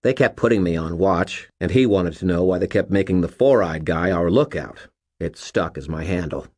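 A man's voice: low voice, lively intonation, normal speed, darkish tone, slightly rough. A man voicing a skinny nerdy young man who talks earnestly and eagerly.

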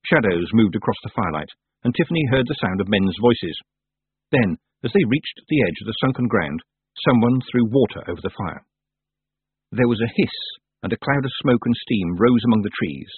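A man reading a fantasy story aloud as narrator, in a lively, expressive way. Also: lowish voice, moderate pace, breathy edge, no echo. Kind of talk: audiobook reading. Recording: tinny phone-like dry sound.

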